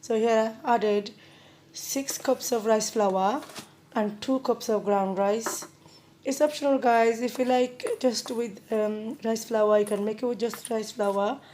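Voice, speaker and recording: Woman with a croaky, sore throat. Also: fairly high pitch, steady tone, takes it slowly, mellow, a little hiss or hum. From Bangladesh. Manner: chatty, repeats herself with many ums. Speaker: home cooking host. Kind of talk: casual cooking tutorial.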